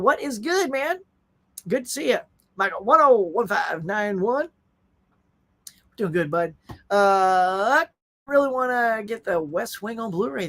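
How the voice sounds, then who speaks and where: Man, middle-aged, casual live-stream host, animated, chatty. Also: high-pitched. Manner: animated, chatty, reads viewer comments aloud.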